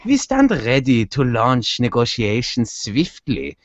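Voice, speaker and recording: A man's voice: medium pitch, wildly swooping pitch, slow, dry recording. A man putting on a German accent to voice a stiff male official reading a formal statement in a mock-solemn way. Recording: dull dry sound.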